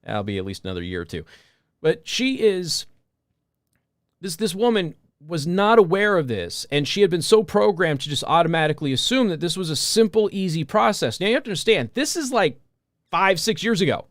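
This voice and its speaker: An American man hosting a talk radio show, telling stories in an emphatic, animated way. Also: high voice, a little fast, no room sound, clean studio sound.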